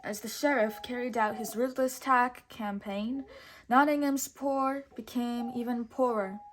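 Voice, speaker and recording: A woman reading a storybook aloud with expressive, measured narration. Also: on the high side, a little hiss or hum.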